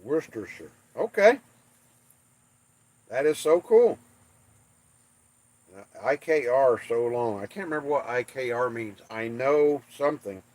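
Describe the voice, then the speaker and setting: Casual livestream host, a man from the States, unhurried and playful, dry close sound. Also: medium pitch, expressive, a little mellow, no echo. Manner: slow, drawn-out, playful trash talk. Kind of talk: casual livestream chat reading comments.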